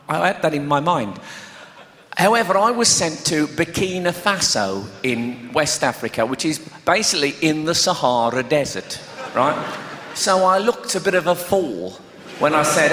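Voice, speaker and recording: A man doing live stand-up, telling stories in a chatty, animated way and laughing along with his own jokes. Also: a little high, moderate pace. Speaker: stand-up comedian. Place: large theatre with a live audience. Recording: echoey live hall recording with audience.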